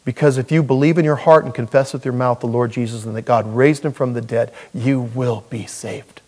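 A man's voice: medium pitch, steady tone, brisk, a little mellow. A man preaching a sermon as pastor in a church, earnest and folksy with touches of humor.

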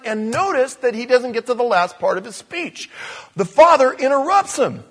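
A man preaching a conversational sermon, swinging between loud emphasis and soft asides. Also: very high voice, expressive, moderate pace.

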